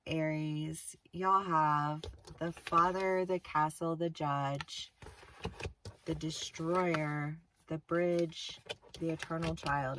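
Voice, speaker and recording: A woman's voice: sits low, fairly bright tone, a little hiss or hum. A woman giving a casual tarot reading, chatty and blunt, swearing freely and laughing often. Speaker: tarot reader. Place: outdoors-ish on a windy day.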